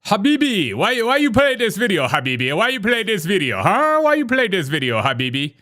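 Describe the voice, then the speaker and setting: Man doing a wheedling high-pitched Saudi prince. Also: huge pitch swings, a little fast, pushed and bright, exaggerated voice. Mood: insistent. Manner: broken English, repetitive, wheedling. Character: shady, pushy Saudi prince phoning in.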